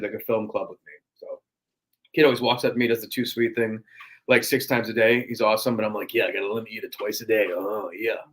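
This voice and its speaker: A man guesting on a podcast tells stories in loose, chatty casual conversation, packed with filler words. His voice is lowish, and the recording is rough.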